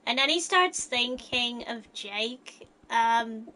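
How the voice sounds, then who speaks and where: A woman with a bright, slightly higher-than-average voice speaks slowly and drawn-out, often hesitating and filling pauses with small fillers. She casually tells a story she imagined, with faint background noise beneath her on a low-quality recording.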